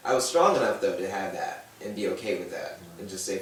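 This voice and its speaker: His low voice moves fairly quickly as the talk-show guest, a man in his thirties, shares his own story openly. He brings it to life by imitating the people involved, heard through a distant mic in an echoey room with slight background noise.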